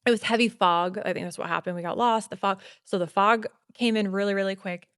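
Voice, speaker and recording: A woman's voice: medium pitch, brisk, smooth, dry recording. Woman telling a story in a dry booth. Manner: animated, acts out quotes, many "like" fillers. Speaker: podcast guest. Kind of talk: personal storytelling in a casual interview.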